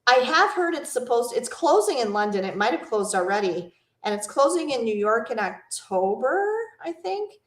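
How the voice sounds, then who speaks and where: A woman with a fairly high voice chats through a live travel Q&A, rambling and reading out viewers' comments as she goes. She asks viewers questions between her answers. The sound is roomy, with an echo off the walls. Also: sing-song, normal speed, few pauses. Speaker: travel vlogger hosting a live Q&A. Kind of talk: casual live-stream chat with viewers.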